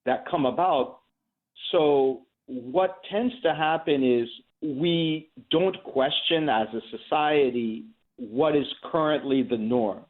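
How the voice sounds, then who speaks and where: A man's voice: on the high side, takes it slowly. A man from the Philadelphia area, a journalism professor appearing as an interview guest, explaining earnestly and asking rhetorical questions. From Philadelphia area, USA. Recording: tinny phone-like line.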